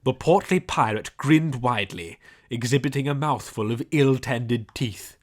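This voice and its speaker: A man narrating a storybook audiobook in a lively, descriptive way. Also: mid-range voice, a little slow.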